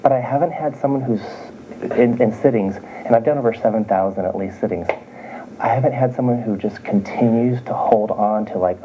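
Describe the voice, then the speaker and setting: A man's voice: medium pitch, brisk, noisy background. A man working as a psychic medium, giving a chatty live reading to sitters, circling back to restate his points. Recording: dull lo-fi recording.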